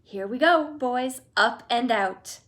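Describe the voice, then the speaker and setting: A woman's voice: a little high, expressive, fairly bright tone. Willy Wonka, gushing candy-maker put on by a woman. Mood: playful. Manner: gushing, theatrical, fast-shifting enthusiasm. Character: exuberant eccentric male candy-maker, grown man.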